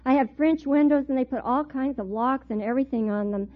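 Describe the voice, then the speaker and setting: A middle-aged woman teaching a Bible class, telling a personal story in a lively way and laughing often as she talks. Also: high voice, brisk. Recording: tinny phone-like recording.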